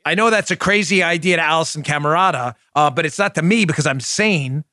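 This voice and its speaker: A man hosts a political talk show, delivering sarcastic, mocking commentary. His voice sits high and sounds bright and forceful, recorded dry and close. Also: a little fast, no echo. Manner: mocking, acts out scenes in mimicked voices.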